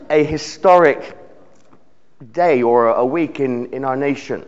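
A man preaches a sermon in a church at a middle pitch. His delivery is earnest, with words often repeated as he builds each thought. The recording sounds dull and lo-fi. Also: slow pace. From United Kingdom. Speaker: visiting preacher. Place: church service.

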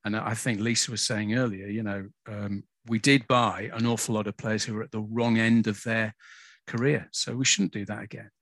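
A man's voice: lowish voice, steady tone, normal speed, creaky, a bit bright, no room sound. A man chatting as a podcast guest, hesitant and self-aware, often restarting his sentences. The sound is dry and close to the mic. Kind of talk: casual chat.

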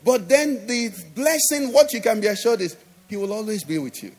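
A man's voice: high-pitched, normal speed, a little mellow, faint music behind. A middle-aged man with a Nigerian English accent, preaching a sermon in a church, emphatic and constantly asking the congregation if they understand. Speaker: pastor.

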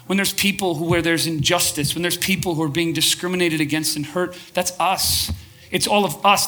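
A man preaching to a congregation in a bright, ringing voice that sits fairly high. He speaks with passion, often calls for a show of hands, and keeps restarting his phrases as he builds his point. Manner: passionate, asks the crowd for shows of hands. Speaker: pastor. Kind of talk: sermon to a live congregation.

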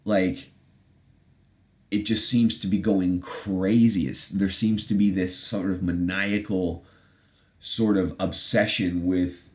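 A man's voice: deep voice, steady tone, slow pace, darkish tone. A man hosting a podcast in casual chat, rambling, sarcastic and profane. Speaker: podcast host.

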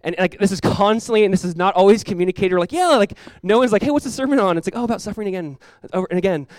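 A young man delivers a sermon in a relaxed, chatty style, filling it with "like" and brief voiced quotes. His voice sits somewhat high and he talks quickly. The sound is dry and close, with no room echo. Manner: conversational preaching, peppered with "like", voicing Jesus and the disciples. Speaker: pastor.

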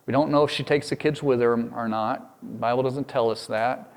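Earnest pastor preaching a sermon. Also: male voice, mid-range voice, fairly even intonation, moderate pace. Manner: earnest, repeats words when restarting.

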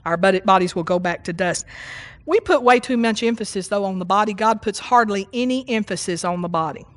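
A woman's voice: mid-range voice, brisk. A woman preaching a sermon, reading scripture and teaching with emphatic repetition and call-outs to the congregation.

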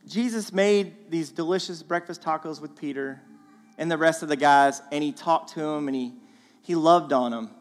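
A man giving a guest sermon in a church, animated and conversational with playful asides. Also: fairly high pitch, moderate pace. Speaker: guest speaker. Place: church sanctuary. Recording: long church hall reverb, faint music.

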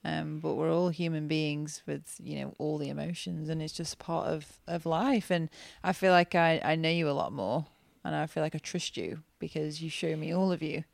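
A woman's voice: low-pitched, steady tone, normal speed, gravelly, few pauses, dry recording. A woman co-hosting a podcast, chatting casually in an earnest, reflective way. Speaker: podcast co-host, partner of the host.

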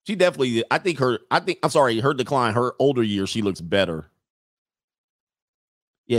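A livestream host riffs casually, loud, blunt and joking, with laughter between his lines. His voice is at an ordinary middle pitch, and the sound is close and dry with no room around it.

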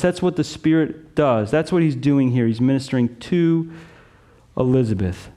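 A man's voice: on the high side, normal speed, dark tone. A man preaching a sermon as pastor, earnest and conversational, with frequent "like" and "right?" asides.

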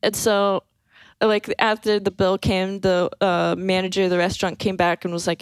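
A woman's voice: medium pitch, level tone, moderate pace, clear, resonant tone, no room sound. Young woman rambling through a funny story, lots of um and like, dead dry mic, mid voice. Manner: laid-back and amused, with lots of fillers and laughs. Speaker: podcast guest telling a story. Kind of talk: casual anecdote storytelling.

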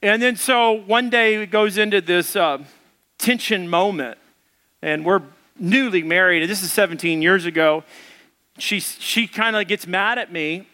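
High bright voiced pastor guy, funny storytelling sermon, acts out the quotes. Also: a little slow. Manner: comic, animated storytelling with acted-out quotes.

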